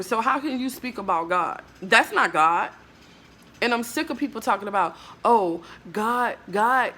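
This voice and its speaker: A woman's voice: medium pitch, bright, forceful tone. Woman ranting bluntly to camera. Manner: ranting, emphatic, blunt and profane; frequent filler "like, bruh". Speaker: vlogger. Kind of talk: emotional monologue to camera.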